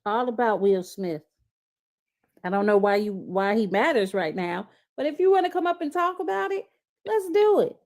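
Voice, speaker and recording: A woman's voice: mid-range voice, expressive, normal speed, a little mellow. A woman co-hosting a casual live stream, making dry, teasing remarks. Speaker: co-host.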